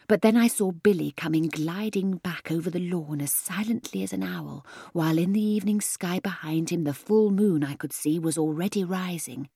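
A woman reading a children's story in the first person, expressive and often hushing to a whisper, close to a studio mic. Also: on the low side, moderate pace, creaky, hardly any pauses, breathy edge, no echo. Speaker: audiobook narrator.

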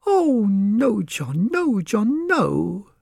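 A distraught farmer's wife in a children's storybook, her voice pitched high and pleading, as a male narrator puts her on. She sounds anxious and sweeps up and down, and the recording is close and dry. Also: huge pitch swings, extremely slow, vocal fry, a little mellow, no echo, exaggerated voice. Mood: distressed.

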